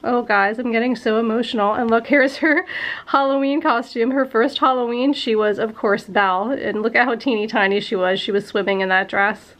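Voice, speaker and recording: A woman in her thirties, a vlogger chatting with viewers and getting sentimental as she clears out a room at home. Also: fairly high pitch, fairly even intonation, brisk, few pauses, a bit bright. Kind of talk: casual vlog narration. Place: at home, in a playroom.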